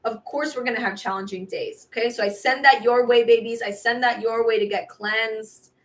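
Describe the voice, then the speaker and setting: High-voiced woman giving chatty affirmations. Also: steady tone, normal speed, fairly bright tone. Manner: chatty and repetitive, calls viewers babies. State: watery eyes from air purifier. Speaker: tarot reader. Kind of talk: casual spiritual pep talk with affirmations.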